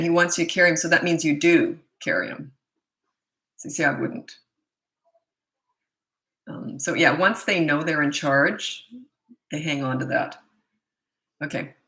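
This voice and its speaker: Brief: middle-aged woman coach, firm and blunt, bright tone, lowish voice. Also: low-quality recording. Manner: blunt, firm and matter-of-fact. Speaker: parenting coach. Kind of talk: casual Q&A advice talk.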